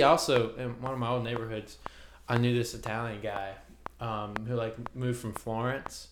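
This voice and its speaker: A man's voice: medium pitch, level tone, normal speed. Young male co-host, casual banter, echoey room with hiss. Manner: laughs often, breaks into loud put-on accents. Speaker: podcast co-host. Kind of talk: casual chat. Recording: echoey room with loud background noise.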